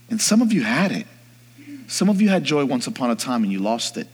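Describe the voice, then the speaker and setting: A man preaching a sermon, swinging from hushed, slow reflection to rising, shouted exhortation, calling on the congregation to answer him. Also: mid-range voice, very animated, husky, big-room sound. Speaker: pastor.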